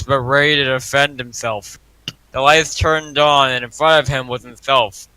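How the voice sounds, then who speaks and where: A young man reading a horror story aloud as a joke. He is loud, swears and laughs a lot. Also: mid-range voice, smooth, no room sound, low-quality recording. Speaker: reader.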